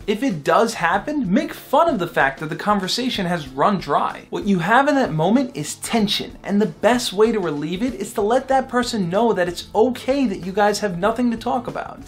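A young man hosting a vlog, giving dating advice in an upbeat, direct coaching tone. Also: sits high.

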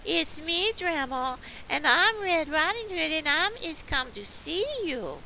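A woman voicing a timid, wide-eyed little girl in a storybook reading, with a high sing-song way of exclaiming. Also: very animated, measured pace, gravelly, pushed and bright, slight background noise, full character voice. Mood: cheerful.

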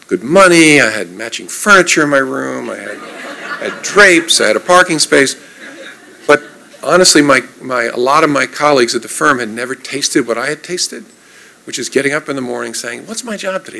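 Man, 50s, from New Jersey, forceful tone, conversational storytelling, self-deprecating. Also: mid-range voice, gravelly, low-quality recording. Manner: relaxed, anecdotal, self-deprecating humor. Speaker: guest speaker.

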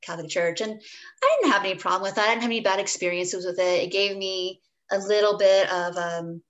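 In a muffled recording, a woman with a mid-range voice speaks fairly quickly and steadily. She's a dietitian being interviewed, sharing a candid personal story earnestly, with lots of restarts and asides, and briefly acts out her past self in quoted speech.

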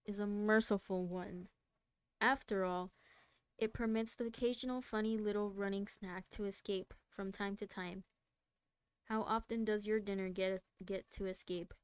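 A sly, cruel cat that talks in a silky, unhurried drawl, voiced by a woman reading aloud. Its tone stays smooth and clear, close and dry to the mic, with a mid-range pitch. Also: steady tone, no echo, close to an everyday voice. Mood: smooth, musing. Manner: slow, unimpressed, conversational drawl.

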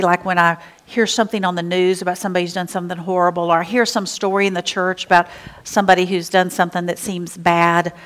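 Woman pastor, conversational preacher, animated and hushed by turns. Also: medium pitch. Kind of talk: sermon.

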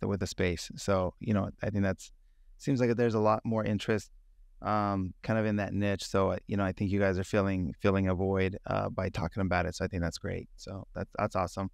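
A man's voice: fairly low pitch, smooth, no room sound, clean studio sound. A man co-hosting a podcast, talking in a loose, rambling way with many fillers. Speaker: podcast co-host. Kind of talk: casual interview.

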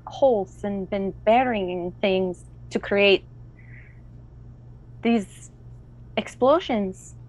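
A woman's voice: mid-range voice, very slow, long pauses, low-quality recording. Chatty woman player describing actions. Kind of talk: casual tabletop play.

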